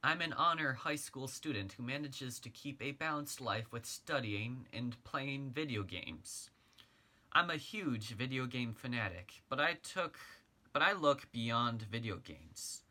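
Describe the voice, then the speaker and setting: A man's voice: mid-range voice, expressive, a little slow, pushed and bright. A man reading the part of a sixteen-year-old boy gamer, talking straight to the listener in a chatty first-person telling.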